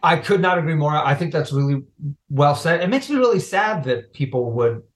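A man's voice: a little high, animated, fairly quick. Earnest, playfully teasing male guest. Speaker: podcast guest. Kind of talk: casual chat recap.

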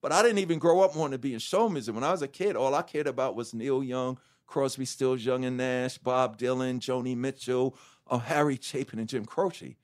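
This middle-aged man, appearing as a guest, tells his life story frankly and with animation, swearing a lot and voicing what others said to him. His pitch is medium and his pace fairly quick.

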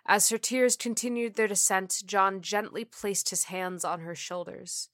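A woman narrating a scripted horror story in a measured, deliberate reading. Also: mid-range voice, fairly even intonation, fairly bright tone, no room sound, clean studio sound.

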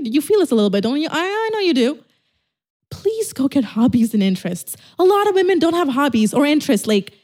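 A woman's voice: fairly high pitch, a little mellow. Blunt, swearing young woman podcaster. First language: not English. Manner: blunt, swears, acts out dialogues. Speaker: podcast host. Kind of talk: casual solo podcast advice talk.

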